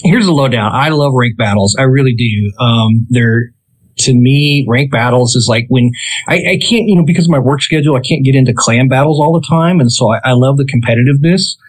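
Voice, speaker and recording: A man's voice: mid-range voice, fairly quick, low-quality recording. A man co-hosting a casual gaming podcast, rambling and hesitant, with many ums and restarts. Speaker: podcast co-host.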